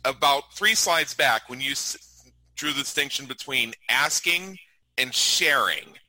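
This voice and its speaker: A man who has studied with the trainer for years speaks up during an online session. His voice is mid-pitched and strikingly sharp. He sounds earnest, and the sound is close and dry. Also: lively intonation, measured pace, no room sound, low-quality recording. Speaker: webinar participant and long-time student. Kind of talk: casual remarks on a video call.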